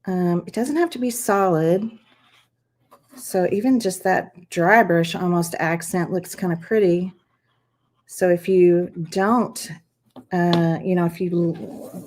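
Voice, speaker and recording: Speaking with a fairly low, darkish voice, the host of a craft channel runs a live stream. She's chatty and encouraging, walking viewers through every step she shows.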